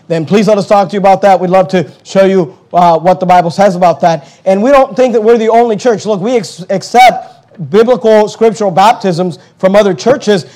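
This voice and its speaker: A man preaching a sermon as pastor, fervent, with quick asides to the congregation. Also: high-pitched, a little mellow.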